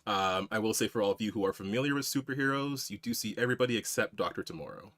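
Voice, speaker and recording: A man's voice: on the low side, fast talker, a bit bright. A man serving as game master on a tabletop game stream, laughing often as he tries out a southern drawl.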